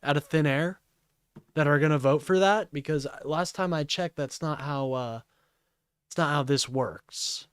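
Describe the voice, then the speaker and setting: A man's voice: a little high, unhurried, smooth, dry recording. A man hosting a livestream, ranting in an agitated, profane way and apologizing often.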